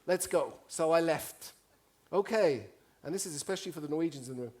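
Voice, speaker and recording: A man from Italy, giving a humorous storytelling talk on stage, animated and joking as he acts out voices. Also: on the high side, fast talker. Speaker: conference speaker. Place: stage before a live audience.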